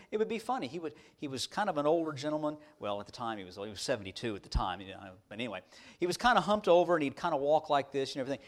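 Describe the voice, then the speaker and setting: A man preaching a sermon, telling stories in a folksy way with many restarts. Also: a little high. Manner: animated, folksy, with repeated restarts. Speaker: pastor. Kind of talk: storytelling sermon.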